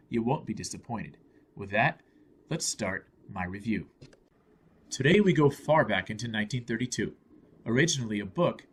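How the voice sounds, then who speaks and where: A man's voice: mid-range voice, breathy edge. A man narrating a scripted film review in an earnest, explanatory way.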